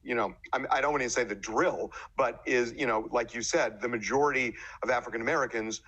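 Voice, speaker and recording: A man speaking in an interview clip, measured and hesitant, often pausing and restarting his sentences. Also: mid-range voice, pushed and bright, lo-fi sound.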